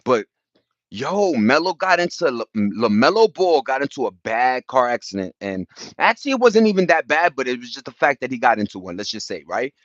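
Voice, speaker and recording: Casting: New man hosting a casual livestream, lively up-and-down delivery, dry dull lo-fi phone-mic sound. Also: medium pitch, fairly quick, no room sound. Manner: loose and chatty, shouting out viewers, bursts of laughter. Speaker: livestream host.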